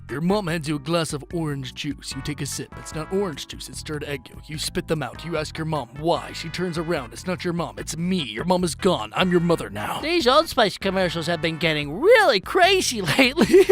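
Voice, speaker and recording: A man reading funny posts aloud in a jokey, animated way, swinging from deadpan to loud. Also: a little high, moderate pace, hardly any pauses, soft background music. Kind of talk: comedic reading.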